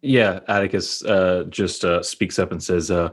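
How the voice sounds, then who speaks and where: A man's voice: low-pitched, steady tone, a little slow, hardly any pauses, breathy edge. A man playing a tabletop game, laid-back and hesitant. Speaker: player. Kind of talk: casual tabletop play.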